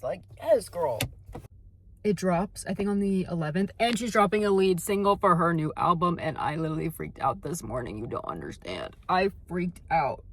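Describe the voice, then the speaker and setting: A woman's voice: on the low side, expressive, normal speed, slight background noise. A young woman chatting casually to her phone camera in a vlog, bubbly and gushing, full of slang. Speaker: vlogger.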